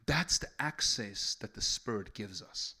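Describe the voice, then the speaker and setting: A man's voice: on the low side, expressive, unhurried, creaky, husky. A man preaching a sermon. He talks casually at first, then builds to fervent, raised delivery. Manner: conversational, builds to fervent shouting.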